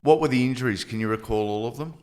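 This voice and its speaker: A man hosting a podcast, asking steady questions and giving brief affirmations. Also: mid-range voice, fast. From Australia. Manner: short affirmations, steady prompting. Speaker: podcast host. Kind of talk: interview questions.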